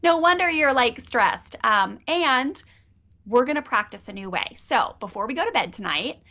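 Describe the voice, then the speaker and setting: Brief: middle-aged woman parenting coach, bright tense tone, lively acted-out examples, lo-fi dull audio. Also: a little high, moderate pace. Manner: animated, acts out child and parent voices. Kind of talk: coaching a caller.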